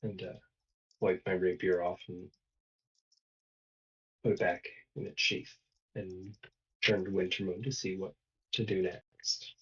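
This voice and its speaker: Deep, husky man speaking from afar. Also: level tone, a little slow, long pauses, a bit bright, far from the mic, muffled recording. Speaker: player. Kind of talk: casual tabletop play.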